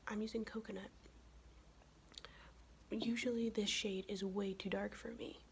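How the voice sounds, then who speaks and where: A woman's voice: mid-range voice, flat delivery, measured pace, gravelly, slight background noise. A young woman who is sick, talking in a whispered ASMR get-ready-with-me chat, casual and profane. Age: young adult. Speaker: ASMR vlogger.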